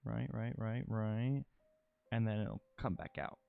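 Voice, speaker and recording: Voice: mid-range voice, takes it slowly, creaky, smooth, no room sound, phone-quality sound. A live streamer chatting casually while drawing, dramatic and self-critical, who swears freely.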